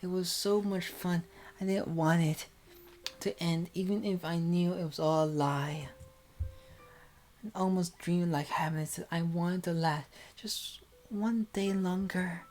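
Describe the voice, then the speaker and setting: A woman voicing an anguished, guilt-ridden young woman in a hushed, breathy whispered role-play. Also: lowish voice, fairly even intonation, unhurried, voice pushed up, close to an everyday voice. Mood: wistful.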